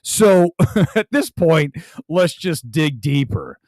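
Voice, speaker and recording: Animated, high-voiced ranting man. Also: takes it slowly, no room sound. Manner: animated, ranting, reads viewer super chats. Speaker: movie talk show host. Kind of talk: livestream movie review chat.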